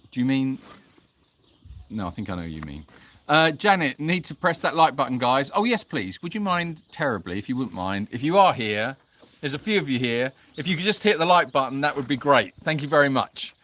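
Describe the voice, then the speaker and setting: Speaking at normal speed in an animated, medium-pitched, slightly bright voice, a man hosts a casual livestream from an animal sanctuary. He chats outdoors with donkeys around, reading comments and greeting viewers by name in a good-humored, self-deprecating way.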